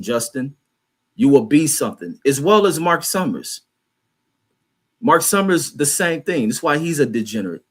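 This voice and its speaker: A man's voice: medium pitch, fairly bright tone. Profane, combative man ranting on a livestream. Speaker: livestream host reading chat. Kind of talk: heated livestream rant.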